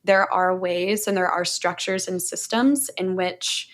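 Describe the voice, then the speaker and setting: A woman's voice: on the low side, unhurried. Candid, laughing woman podcast guest. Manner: candid, animated storytelling with frequent swearing and laughter. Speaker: podcast guest, breathwork mentor. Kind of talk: casual podcast conversation.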